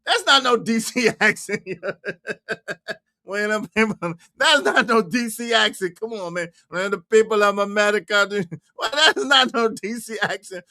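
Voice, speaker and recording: An excitable man hosting a reaction livestream, laughing and repeating himself as he talks to his chat. His voice is bright and forceful, and the sound is close and dry with no room around it. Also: high voice, moderate pace, no room sound. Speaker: livestream host.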